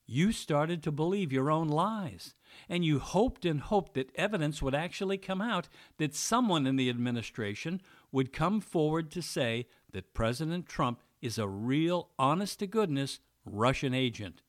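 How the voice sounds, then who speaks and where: A man's voice: on the high side, animated, normal speed. A man giving a mocking, sarcastic opinion monologue as a political commentator.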